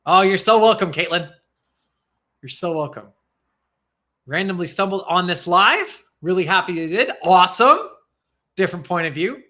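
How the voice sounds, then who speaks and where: A man's voice: sits high, animated, normal speed, pauses often, bright, forceful tone. A man coaching viewers on a livestream, earnest and emphatic, repeating phrases for effect. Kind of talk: livestream talk and guided breathing.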